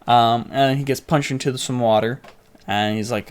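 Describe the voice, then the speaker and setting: A young man co-hosting a podcast, casually retelling a movie in a rambling, jokey way with quick mock voices. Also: medium pitch, level tone, clear, resonant tone. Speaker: podcast co-host. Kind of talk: casual movie recap chat.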